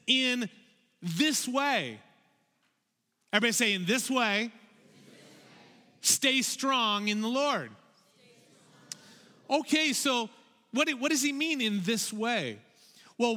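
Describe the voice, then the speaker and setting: High, bright-voiced man preaching to kids. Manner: animated, calls for audience repetition. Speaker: children's pastor. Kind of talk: children's sermon. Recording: long hall reverb.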